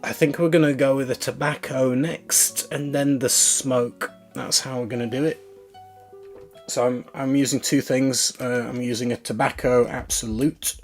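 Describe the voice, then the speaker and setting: Man, casual live-stream talk, thinks aloud, chats to viewers, mid-pitched voice, faint music behind. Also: steady tone, normal speed.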